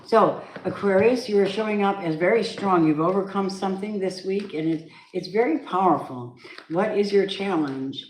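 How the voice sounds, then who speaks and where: A woman's voice: mid-range voice, normal speed, a little mellow. A woman giving a casual tarot reading, chatty and emphatic, with spiritual asides. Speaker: tarot reader. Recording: echoey room, faint background noise.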